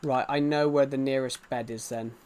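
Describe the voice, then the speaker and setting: A man's voice: mid-range voice, fairly even intonation, moderate pace, a little mellow, clean tone. A man live-streaming a game, chatting casually and reassuring viewers, often repeating himself. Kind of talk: casual live-stream chat while gaming.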